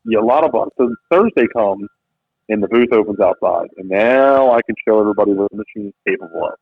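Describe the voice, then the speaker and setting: A man, a business founder and podcast guest, telling a story in lively conversation and acting out quotes in different voices. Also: lowish voice, fast talker, gravelly, slightly rough, no echo. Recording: tinny phone-like line, dry.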